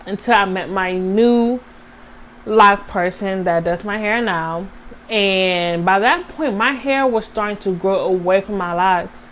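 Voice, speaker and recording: A young woman vlogger telling a casual, animated story straight to her viewers. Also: medium pitch, slight background noise. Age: young adult.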